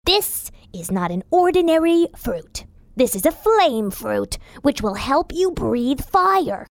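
A woman's voice: high voice, sing-song, slow, no room sound, studio quality, exaggerated voice. A woman voicing a proud, cocky little male fire elf who gives confident advice in a children's storybook. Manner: confident, a bit boastful.

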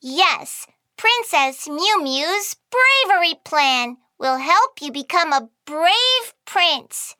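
A very high bubbly cartoon princess. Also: female voice, sing-song, slow, sharp tone, no echo, studio quality, exaggerated voice. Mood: encouraging. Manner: encouraging, bubbly. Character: cheerful, mischievous little princess. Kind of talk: cartoon voice acting.

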